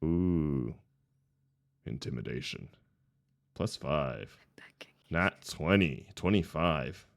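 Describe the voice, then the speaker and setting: A man playing a tabletop game, chatting in a relaxed, low-key way. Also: drawn-out words, creaky, long pauses, no room sound, clean studio sound. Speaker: player. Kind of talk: casual tabletop game chat.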